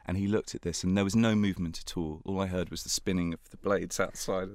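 A man as an interview guest, telling a story in an animated, self-mocking way and laughing as he goes. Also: sits low, fast talker, dry recording. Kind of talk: anecdotal storytelling.

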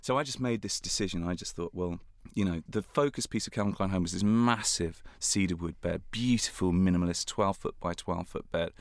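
A man as an interview guest, telling a story in an animated, self-mocking way and laughing as he goes. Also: low voice, brisk, hardly any pauses, dry recording, clean studio sound. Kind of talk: anecdotal storytelling.

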